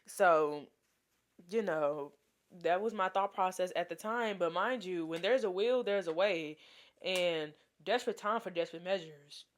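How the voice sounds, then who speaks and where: Young woman, storytime vlogger, lively and slangy, close mic. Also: on the low side, unhurried. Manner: animated, slangy, dramatic. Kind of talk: storytime vlog.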